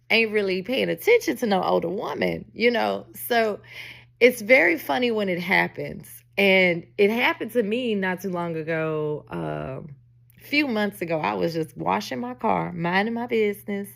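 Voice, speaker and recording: A woman's voice: mid-range voice, gravelly, fairly bright tone. A woman in her forties, a podcast host chatting in a casual storytelling monologue, emphatic and often laughing. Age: 40s.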